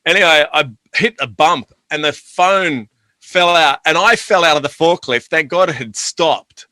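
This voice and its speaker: A man telling lively stories as a podcast guest, acting out the scenes as he goes. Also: a little high, unhurried, no echo. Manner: animated, laughing storyteller acting out scenes. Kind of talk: podcast interview, anecdotal storytelling.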